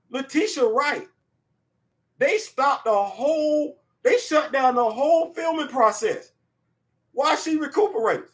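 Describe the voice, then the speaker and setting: Excitable high-voiced man talking pop culture. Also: a little slow. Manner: excitable, shouts and laughs, slangy asides. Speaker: host. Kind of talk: animated casual pop-culture commentary.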